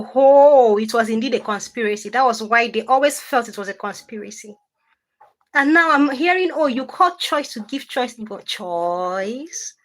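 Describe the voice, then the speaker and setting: A woman hosting a livestream, reading comments and answering with animated, indignant repetition. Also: fairly high pitch. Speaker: livestream host.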